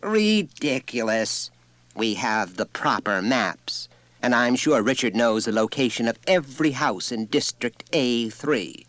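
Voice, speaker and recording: A man's voice: medium pitch, expressive, measured pace, fairly bright tone, dry recording, pitched above the performer's own voice. A man voicing a proud, well-bred mother who answers in a chilly, indignant, emphatic way, in a dry audiobook reading. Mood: haughty. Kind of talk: audiobook character voice.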